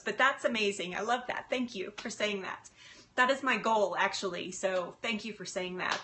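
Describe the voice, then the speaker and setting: A woman's voice: mid-range voice, normal speed, sharp tone, a little hiss or hum. A woman health coach chatting on a live stream from her home kitchen on a phone, laughing often and easily moved as she answers viewers.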